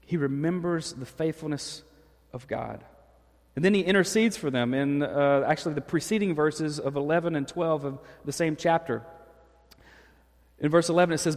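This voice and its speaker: A man's voice: a little high, normal speed. Male preacher in a reverberant hall. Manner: conversational preaching with frequent restarts and dramatized paraphrases. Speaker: pastor. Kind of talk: sermon.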